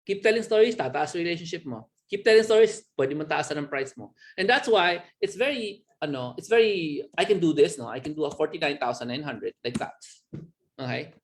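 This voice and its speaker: A man with a Filipino accent teaches an online business lesson. His voice sits a little high for a man and bounces up and down, with small laughs along the way. He keeps pulling the listener in with quick check-in questions. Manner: animated, with sudden pitch jumps and small laughs. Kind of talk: recorded training lecture.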